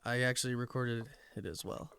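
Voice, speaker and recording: A man co-hosting a podcast in casual chat, excited and slangy, calling others "dude" and "bro". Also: medium pitch, fairly quick, creaky, a little hiss or hum. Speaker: podcast co-host.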